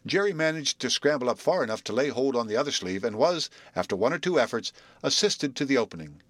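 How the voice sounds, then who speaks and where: A man narrating a storybook reading in an expressive, measured way. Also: medium pitch, no echo.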